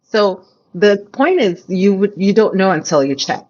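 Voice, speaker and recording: Woman, doctor guest, earnest explaining, mid pitch, dull lo-fi audio. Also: expressive, a little slow, darkish tone. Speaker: physician guest. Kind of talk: casual conversation.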